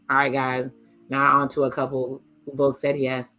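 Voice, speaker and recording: A man's voice: medium pitch, monotone, normal speed, pushed and bright, faint music behind, poor audio. Man giving casual reaction commentary. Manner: reads cast lines aloud, then reacts. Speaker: reaction video host.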